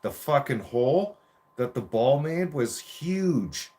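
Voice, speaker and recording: A man's voice: mid-range voice, very animated, slow, darkish tone. A man in his forties telling a rambling, profane childhood story in a casual rant.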